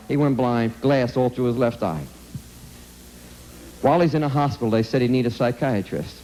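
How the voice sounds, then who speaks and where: A man's voice: fairly high pitch, darkish tone, low-quality recording. A man giving an emphatic, blunt anti-drug talk to a school audience, repeating himself and firing direct questions at the listeners. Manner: streetwise blunt phrasing. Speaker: speaker addressing students.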